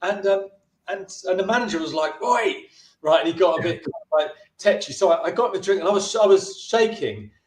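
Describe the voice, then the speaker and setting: High-voiced man telling a chatty story. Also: brisk, echoey room. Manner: chatty, with frequent restarts and brief put-on voices for the people in his stories. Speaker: filmmaker interviewee. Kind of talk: anecdotal storytelling in a casual interview.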